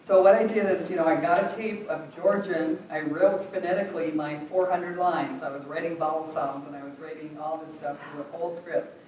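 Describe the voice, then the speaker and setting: A woman from the United States runs an acting workshop, answering questions in a chatty, casual Q&A style with lots of fillers and frequent laughter. Her voice is low-pitched, steady in tone, brisk and a little mellow. Recorded in a theatre workshop room, the sound is roomy and distant with faint noise.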